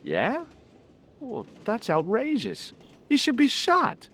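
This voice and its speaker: A man's voice: very high-pitched, huge pitch swings, slow, fairly bright tone, slightly rough, full character voice. A man voicing a curious young American tourist in an adventure game, asking wry questions. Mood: probing. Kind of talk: video game voice acting.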